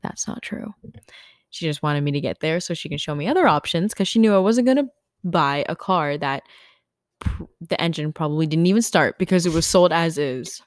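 A woman's voice: low voice, normal speed, no echo, studio quality. A teenage girl co-hosting a casual chat, telling a story and acting out what people said. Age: teens. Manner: chatty storyteller, acts out quotes, laughs often. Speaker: podcast co-host. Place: indoors at home.

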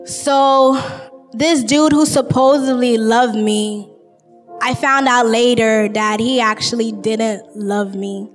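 A young woman giving a spoken faith testimony to a gathering, in casual slangy talk full of filler words that builds to shouted praise. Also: on the high side, fairly even intonation, slow, long reverb tail, faint music behind. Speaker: testimony speaker.

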